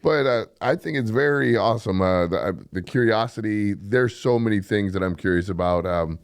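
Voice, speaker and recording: A male co-host with a somewhat low voice jokes around and asks eager, curious questions. The sound is dry and close. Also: normal speed, clean tone, no room sound. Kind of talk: casual talk show conversation.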